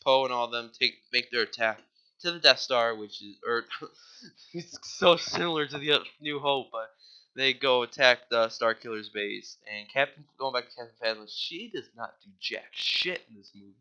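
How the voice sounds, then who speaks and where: A man's voice: medium pitch, normal speed, pushed and bright, smooth. A man giving a casual, rambling movie plot recap, full of "like" and offhand swearing. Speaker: movie reviewer.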